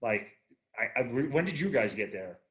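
Man, 30s, casual chat, rambling profane storyteller, bright tone, average pitch. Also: very animated, normal speed. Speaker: podcast guest, army veteran.

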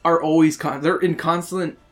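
A man's voice: a little high, fairly even intonation, moderate pace, faint music behind. A man co-hosting a podcast in casual chat, rambling with lots of fillers, restarts and casual swearing. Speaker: podcast co-host.

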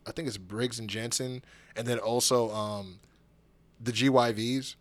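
A man recapping wrestling in casual podcast chat, animated, laughing often and mimicking wrestlers' promos. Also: medium pitch, measured pace. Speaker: podcast co-host.

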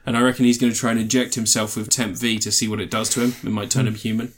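A man's voice: medium pitch, flat delivery, quick pace, a little hiss or hum. Laughing man telling stories. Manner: laughs often, acts out silly voices in stories. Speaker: podcast co-host. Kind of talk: casual chat.

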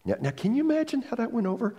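Animated male pastor preaching in a hall. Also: very high voice, very fast, slightly rough. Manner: animated storytelling with humorous asides. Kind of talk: sermon.

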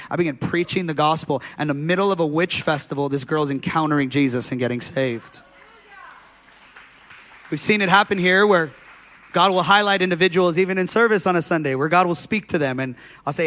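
A man's voice: a little high, fairly quick, a bit bright. A man pastor preaching a sermon, telling stories in a loose, conversational way with many fillers.

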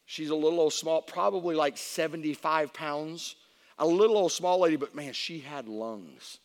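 A middle-aged man, a pastor, telling a personal story in a sermon, animated and acting out voices. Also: a little high, moderate pace. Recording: long reverb of a large hall.

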